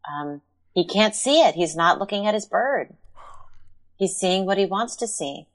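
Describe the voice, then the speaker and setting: A woman's voice: medium pitch, lively intonation, unhurried. A woman co-hosting a podcast, talking casually and thoughtfully about a TV episode, with many fillers. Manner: thoughtful, analytical, with frequent fillers. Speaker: podcast co-host. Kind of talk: casual chat recapping a TV episode.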